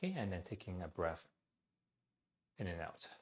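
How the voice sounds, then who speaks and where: A man leading a guided breathing exercise class into his own mic, speaking gently, with frequent "okay" and "um". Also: deep voice, expressive, moderate pace. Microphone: personal mic.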